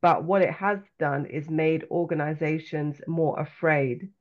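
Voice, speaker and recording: London woman author with a dull lo-fi sound. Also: low-pitched. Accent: London English. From London, England. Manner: reflective, earnest, measured. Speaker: author and coach, guest. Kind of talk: podcast interview.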